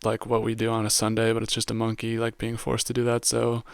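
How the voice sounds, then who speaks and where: Flat-voiced casual male movie reviewer. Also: lowish voice, quick pace, vocal fry, clean tone, no room sound, clean studio sound. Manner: casual, heavy use of "like" and slang. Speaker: podcast host reviewing a film.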